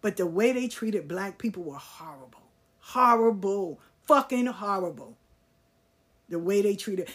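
Blunt, profane husky-voiced woman storyteller. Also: mid-range voice. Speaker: podcast host. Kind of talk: personal storytelling.

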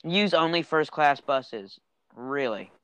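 A man's voice: on the high side, expressive, takes it slowly, a bit bright, clean tone, no echo. A man co-hosting a podcast in casual chat, reading bits of an article aloud with dry asides. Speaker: podcast co-host.

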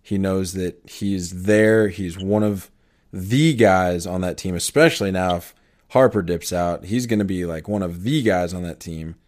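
Laid-back young man, slightly low voice. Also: measured pace, a little mellow. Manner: laughs a lot, loose and joking. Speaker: podcast co-host. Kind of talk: casual sports chat.

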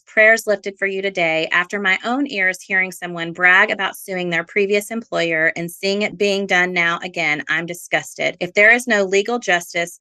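A woman hosting a podcast about her own court case, reading trial testimony and social media posts aloud in a measured, even way. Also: on the low side.

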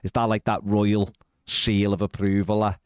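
A man's voice: fairly low pitch, flat delivery, moderate pace, smooth, dry recording, clean studio sound. A man hosting a podcast, reading out news stories with wry, disbelieving asides. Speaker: podcast host.

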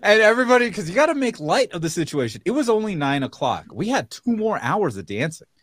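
A man's voice: high voice, fast, no echo. A man who works as a DJ, telling stories in casual chat and acting out the quotes with lots of laughter. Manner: animated storyteller, acts out quotes, laughs often. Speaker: DJ and podcast co-host.

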